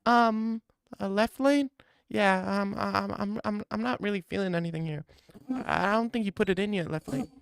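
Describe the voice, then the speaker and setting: A man's voice: high voice, moderate pace, vocal fry, clear, resonant tone, no echo, studio quality, voice pushed up. A man doing a bored, unimpressed girl. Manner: hesitant, stammering, deflating. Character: unimpressed young woman, flat and bored.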